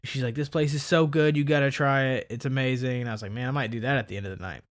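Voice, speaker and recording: A man co-hosting a podcast, telling a story in casual chat and acting out the people in it. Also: fast talker. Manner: animated, acts out quoted people with big pitch jumps. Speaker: podcast co-host.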